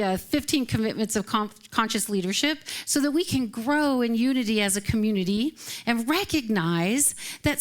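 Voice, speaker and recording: Woman minister chatting thru a sermon, kinda high voice, laughs a lot, easygoing. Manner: chatty and light, laughs often between phrases. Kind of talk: casual sermon. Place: live service at a spiritual center.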